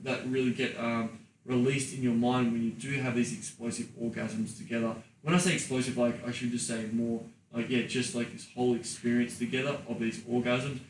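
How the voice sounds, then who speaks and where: A man co-hosting a podcast in a crude, animated, swear-heavy way. He sits a little off the mic, so his voice sounds distant in a roomy, echoey space with faint noise underneath. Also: mid-range voice. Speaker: podcast co-host and sex coach. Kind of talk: casual podcast chat.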